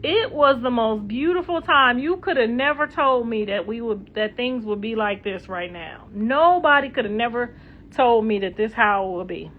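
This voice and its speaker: A woman's voice: a little high, normal speed. Blunt middle-aged woman, lo-fi livestream. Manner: blunt, profane, sassy. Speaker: livestream host. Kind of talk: casual livestream chat, reading comments. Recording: dull lo-fi livestream audio.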